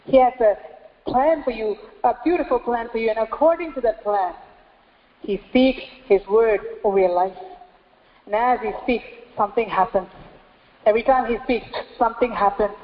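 A woman pastor with a high-pitched voice delivers a sermon, building her points through repeated phrases and rhetorical questions. Her voice rings with a long echo, as if recorded in a large church hall. The sound is a little dull and muffled. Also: moderate pace. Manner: repetitive preaching cadence with rhetorical questions.

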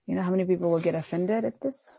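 A woman's voice: on the low side, racing, gravelly, warm tone, husky, no echo. A woman pastor preaching a sermon, emphatic and repetitive in her exhortations.

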